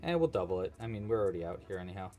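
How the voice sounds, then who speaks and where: Casual male livestream host, joking and thinking out loud, very animated melody. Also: deep voice, racing, faint music behind. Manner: chatty, joking, thinks aloud while working. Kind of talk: casual live crochet-along chat.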